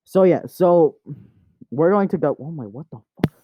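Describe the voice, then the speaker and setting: A man's voice: a little high, very animated, measured pace, long pauses, breathy edge, dry recording. A man hosting his channel, casually narrating a story while getting distracted, swearing at and teasing his cat at home. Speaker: channel host. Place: home room. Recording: dry, tinny phone-like sound.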